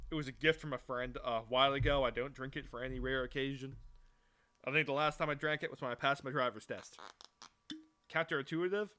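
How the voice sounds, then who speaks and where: A man's voice: mid-range voice, pushed and bright, smooth. A young man co-hosting a podcast, chatting casually, swearing freely and rambling with restarts. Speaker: podcast co-host. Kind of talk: casual chat.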